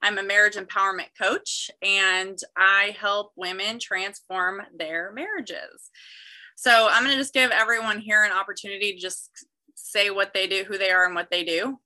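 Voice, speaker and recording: A woman's voice: mid-range voice, fairly even intonation, moderate pace, sharp tone, rough recording. A woman, hosting a casual group chat with bubbly enthusiasm. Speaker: podcast host and marriage coach.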